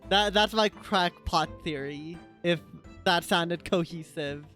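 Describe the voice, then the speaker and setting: A streamer talking through a game live, in a rambling, self-mocking way that keeps doubling back. Faint game music sits under the voice, and the pitch is mid-range. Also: slow, fairly bright tone. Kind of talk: live game commentary and reading.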